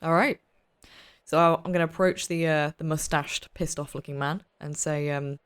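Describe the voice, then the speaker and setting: A woman's voice: low-pitched, steady tone, normal speed, clean tone. A woman playing a tabletop game, chatty and eager, with frequent hesitations. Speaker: player. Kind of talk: casual tabletop play.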